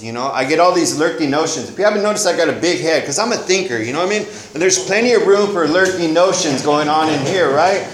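A man's voice: on the high side, quick pace, few pauses, roomy sound, slight background noise, poor audio. A man giving a personal recovery testimony at a meeting, talking in a casual, slangy way that is full of "man" and "you know". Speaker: member sharing at a recovery meeting.

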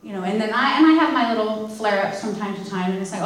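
A woman's voice: mid-range voice, quick pace, distant mic. A woman candidly telling her recovery story at a meeting, with self-deprecating humor. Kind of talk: personal testimony talk. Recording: very echoey room.

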